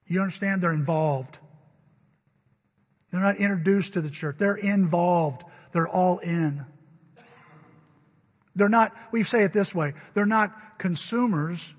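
Man preaching sunday sermon, kinda husky, dull recording w long church reverb. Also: sits high, measured pace. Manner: emphatic, rising to loud stresses. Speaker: pastor. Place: church sanctuary.

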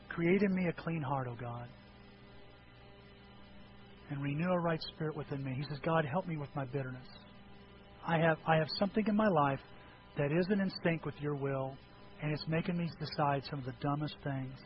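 Animated male pastor, lo-fi sermon recording. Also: slight background noise. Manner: animated, acts out quoted voices with sudden high yelps.

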